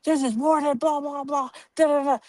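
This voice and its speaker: A woman voicing a gruff, profane male prison warden who bellows his words, in a retold story. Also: high voice, fairly even intonation, moderate pace, a little mellow, no room sound, clean studio sound, voice pushed up, natural voice. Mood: bellowing.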